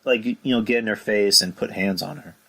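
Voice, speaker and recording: A man's voice: lowish voice, steady tone, a little fast, creaky, a bit bright. A man hosting a casual podcast, rambling and filling his talk with "you know" and sighs. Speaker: podcast host. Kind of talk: casual chat.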